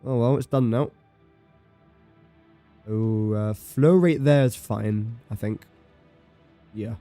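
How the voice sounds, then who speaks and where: A man's voice: medium pitch, slow pace, dark tone, dry recording, faint music behind. A man streaming a building game, chatting casually and thinking aloud as he counts, does sums and teases himself. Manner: thinks aloud, counts and does sums under his breath, self-mocking. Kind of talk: casual live-stream commentary.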